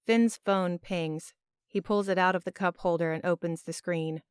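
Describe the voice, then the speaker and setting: Expressive woman narrating an audiobook. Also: lowish voice, moderate pace, smooth, no echo. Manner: expressive, emotional storytelling. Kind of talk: first-person audiobook narration. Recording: dry, close studio sound.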